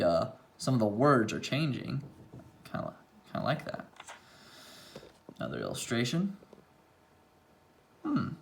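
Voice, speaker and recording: A man reading a rhyming picture book aloud, pausing now and then for quiet asides about the pages. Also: mid-range voice.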